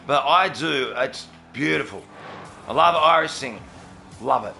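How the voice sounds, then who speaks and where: Gravelly, bright-voiced Australian man. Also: fairly high pitch, animated, fairly quick, a little hiss or hum. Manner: chatty, answering viewers by name. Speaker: streamer. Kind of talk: casual livestream chat.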